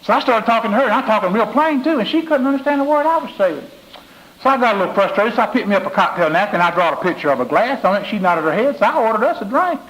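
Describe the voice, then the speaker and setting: A man puts on a chatty small-town store owner from the American South who talks out of a curled, half-moon mouth. The voice sits high and lively, with a thick drawl and a bragging, storytelling lilt. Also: quick pace, low-quality recording. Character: drawling small-town male furniture seller.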